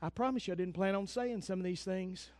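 A pastor with a strikingly high voice for a man delivers a fervent sermon at a fairly quick pace, swinging from loud declarations to hushed, intense asides. The recording is very dry, with no echo or room sound at all.

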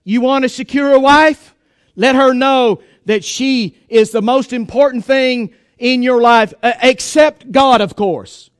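Male preacher, sermon, folksy and joking, emphatic, very high voice, dry close sound. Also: takes it slowly, clean tone, dry recording.

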